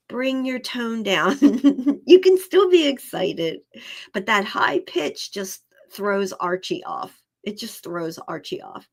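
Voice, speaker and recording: A woman's voice: mid-range voice, sing-song, slow pace. A woman working as an animal communicator, giving live readings in a chatty way, often repeating herself and laughing.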